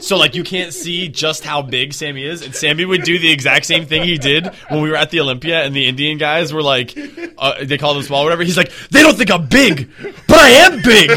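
Man, slightly higher voice, casual chat, laughing, riffing with "bro". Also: fast, crowd noise. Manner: laughs a lot, riffs with "bro", lively. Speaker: podcast co-host.

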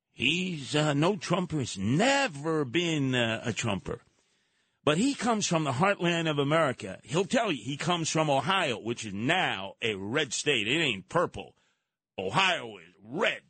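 A man's voice: a little high, fairly bright tone, slightly rough, no room sound. A man hosting talk radio, giving an emphatic, mocking, opinionated monologue. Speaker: radio talk show host.

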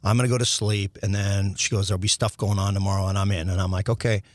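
A middle-aged man, a former hockey player, telling stories as a podcast guest in a rambling, animated way with restarts and some swearing. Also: on the low side, fast, no room sound. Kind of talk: casual storytelling interview.

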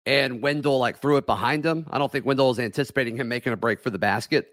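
Man, hoarse, casual sports talk host, rambling, dry sound. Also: medium pitch, fast talker, fairly bright tone, no room sound. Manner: rambling, frequent fillers and restarts. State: hoarse from yelling.

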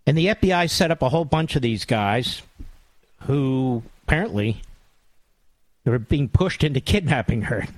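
A man's voice: medium pitch, expressive, moderate pace, no room sound. A man hosting a talk radio monologue, sarcastic and mocking, with big theatrical swings in tone.

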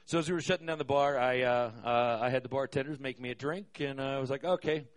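A man's voice: medium pitch, fast. Wry, profane male storyteller. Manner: wry, profane, hesitant with many fillers. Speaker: storyteller, concert venue manager. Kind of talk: live stage storytelling.

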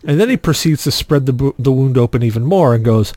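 A man hosting a casual podcast, telling a story with lively acted-out quotes. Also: medium pitch, quick pace, no room sound. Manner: animated storyteller, acts out quotes loudly. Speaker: podcast host.

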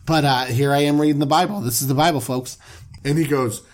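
A man's voice: mid-range voice, fairly even intonation, a little fast. A man animatedly telling a joking, slangy comic retelling of scripture as a podcast co-host.

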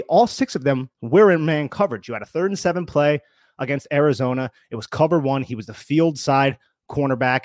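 A man of middle pitch on a sports podcast, methodically breaking down plays with technical football terms. His voice is recorded close and dry, with no room sound. He talks in a casual yet analytical way. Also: dry recording. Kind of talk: casual podcast chat and detailed film breakdown.

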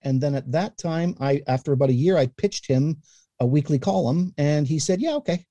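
A middle-aged man from Canada telling animated stories as a guest in a casual interview, sometimes acting out the voices he quotes. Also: on the high side, moderate pace, dry recording. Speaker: guest, newspaper columnist and radio voice.

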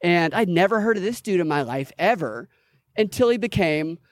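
A man hosting a podcast in casual chat, rambling and swearing, with many halting restarts. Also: sits high, animated, no room sound. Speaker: podcast host.

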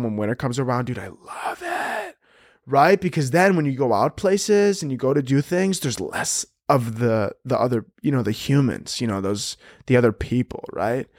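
A man's voice: mid-range voice, dry recording, studio quality. A man hosting a comedy podcast, ranting in a crude, over-the-top, absurd way and saying "dude" a lot. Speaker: podcast host. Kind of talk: comedic solo podcast rant.

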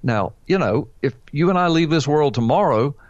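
A man's voice: fairly high pitch, lively intonation, normal speed, a little mellow, dry recording. Emphatic preaching man, slightly muffled. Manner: emphatic, quotes scripture with rhetorical questions. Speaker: pastor answering a caller. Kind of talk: preaching Bible teaching on call-in show.

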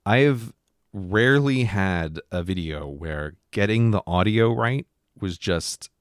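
A man with a fairly low voice talks through his work habits in an easy, reflective podcast chat, leaning on "like" as he thinks aloud. The sound is dry and close, with no room around it. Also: animated, slow pace, dry recording. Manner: reflective, chatty, lots of "like" fillers. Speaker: podcast co-host. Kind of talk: casual chat.

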